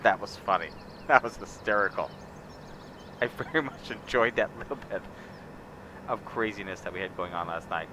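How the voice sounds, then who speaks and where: A man's voice: on the low side, moderate pace, long pauses. A man streaming a farming game, muttering wry casual commentary to himself as he plays. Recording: noisy background.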